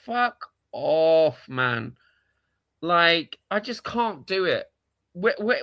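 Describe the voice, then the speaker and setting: A man's voice: fairly high pitch, sing-song, drawn-out words, vocal fry, sharp tone, no echo. A man with a London accent ranting on a casual livestream, exasperated and repetitive, swearing often. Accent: London English. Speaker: live streamer, football fan.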